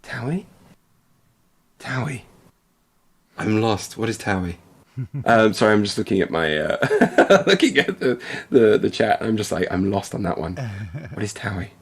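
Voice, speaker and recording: Brief: man, low gravelly voice, rambling self-deprecating stream chat. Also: big pitch swings, normal speed. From Essex, England. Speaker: livestream co-host. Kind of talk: casual chat while painting.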